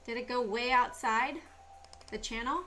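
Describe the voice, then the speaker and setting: A woman hosting a stock market livestream, talking through charts in a casual, animated way with lots of rhetorical questions. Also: fairly high pitch, unhurried, faint music behind.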